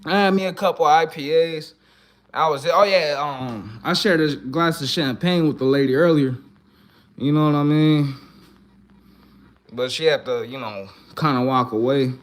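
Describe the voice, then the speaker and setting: A man's voice: fairly high pitch, a little slow. A man talking in a casual, profane, repetitive rant, upset and fired up after his team lost. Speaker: Eagles fan. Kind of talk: casual venting monologue.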